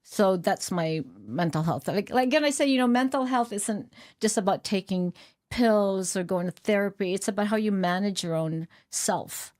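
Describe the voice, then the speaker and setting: A woman's voice: medium pitch, animated, normal speed, darkish tone, no room sound, clean studio sound. A middle-aged woman being interviewed as a guest, talking in an earnest, reflective way with frequent fillers and restarts. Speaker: podcast guest, author. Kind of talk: candid conversational interview.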